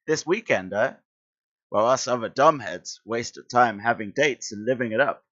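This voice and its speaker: A man's voice: mid-range voice, moderate pace, a bit bright, close to an everyday voice. A man voicing a sneering teenage male school bully who mocks a classmate, in a somewhat muffled recording. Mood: mocking. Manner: sneering, mocking.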